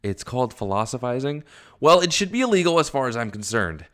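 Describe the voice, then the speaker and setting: A man's voice: medium pitch, very animated, a little fast, a bit bright. A man reading a webcomic aloud, voicing a brash, scornful teenage alien troll girl with a sneering, impatient manner.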